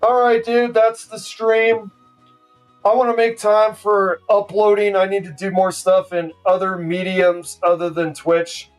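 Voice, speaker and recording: A man in his forties rants with profane sarcasm at an unhurried pace. He sits a little off the microphone, with faint music playing underneath. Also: high-pitched, little pitch movement. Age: 40s. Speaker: streamer. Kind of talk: casual ranting stream commentary. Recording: distant mic with faint music.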